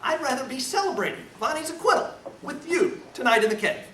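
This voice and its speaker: A man, a defense lawyer, teaching a seminar with animated storytelling, acting out scenes and swinging between loud and hushed talk. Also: extremely high pitch, fairly quick. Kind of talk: lecture with storytelling. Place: lecture room. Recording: echoey room, far mic, noisy.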